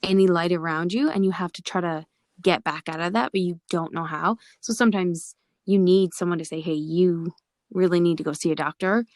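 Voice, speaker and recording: A woman's voice: fairly low pitch, fairly even intonation, brisk, darkish tone, no echo, clean studio sound. A young adult woman guest on a podcast, speaking earnestly and openly. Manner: earnest, open and reflective. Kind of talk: casual podcast interview.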